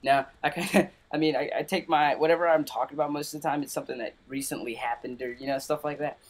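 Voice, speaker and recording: A man's voice: fairly high pitch, steady tone, fast talker. Young male gaming host, casual update, rambling delivery with constant ums and restarts. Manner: rambling, many fillers and restarts.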